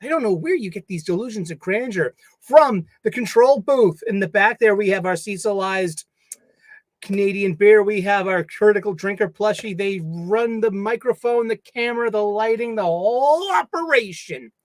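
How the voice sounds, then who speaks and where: A man's voice: high-pitched, moderate pace, dry recording. A man hosting his own casual solo livestream from a home studio, playful and jokey, chatting to the stuffed animals around him. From United States. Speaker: livestream host.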